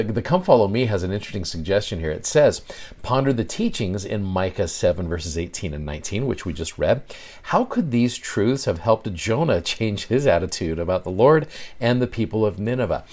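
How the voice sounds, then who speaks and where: Enthusiastic man teaching scripture, lowish voice. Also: a little mellow. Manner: enthusiastic, reads verses slowly and emphatically. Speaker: scripture study podcast host. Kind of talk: casual scripture lesson.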